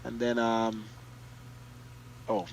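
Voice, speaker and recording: A man speaks extremely slowly at a medium pitch while streaming a flight simulator. He chats casually with viewers and mutters excitedly to himself as he clicks through menus.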